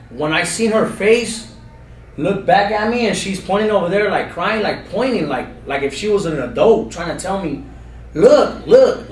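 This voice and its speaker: A man, telling a true story to an interviewer in an earnest, insistent way with street slang, swinging from loud bursts to low mutters. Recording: roomy, distant recording with faint background noise.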